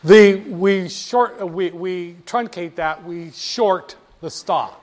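A man's voice: high-pitched, takes it slowly, a little mellow. A man lecturing a class, stressing key words and having students repeat phrases back to him. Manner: emphatic, drills terms, asks students to repeat. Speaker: teacher.

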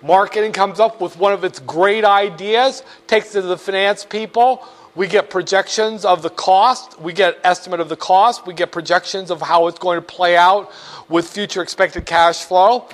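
A man's voice: high-pitched, steady tone, normal speed, a bit bright. A man teaching a finance class step by step, joking with his students as he walks them through calculator keystrokes. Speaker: finance instructor. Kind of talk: classroom lecture.

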